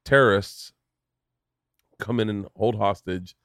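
A man hosting a podcast, telling stories in a casual, animated way, swearing freely and breaking into impressions. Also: takes it slowly, dry recording, clean studio sound. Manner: animated storyteller, swears freely, jumps into high-pitched impressions. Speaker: podcast host. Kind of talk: casual chat.

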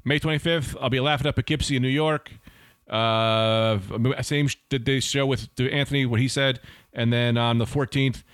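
A man's voice: medium pitch, steady tone, moderate pace, hardly any pauses, a bit bright, clean tone, no echo. A man appearing as a comedian guest on a comedy podcast, joking and riffing. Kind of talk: casual comedy chat.

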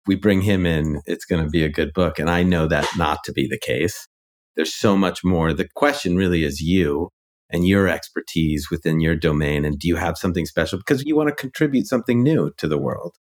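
A low-voiced male guest, speaking in a relaxed, thoughtful way in a casual podcast chat. He tells his stories easily and laughs along as he goes. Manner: relaxed, reflective storyteller who laughs easily. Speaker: guest, ghostwriter and author. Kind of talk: casual interview conversation.

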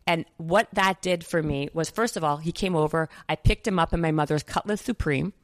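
A woman from Canada tells a long personal story in a casual interview. She speaks in a slightly low, animated voice, stringing her sentences together with fillers and acting out every quote. The sound is close and dry, with no room around her. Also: a little fast, no room sound. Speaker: guest.

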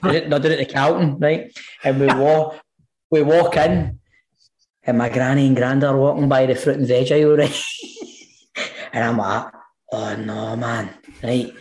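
A man's voice: medium pitch, moderate pace, long pauses. Swearing Scottish man telling stories. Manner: swearing, animated storyteller. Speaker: podcast co-host. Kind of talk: casual chat.

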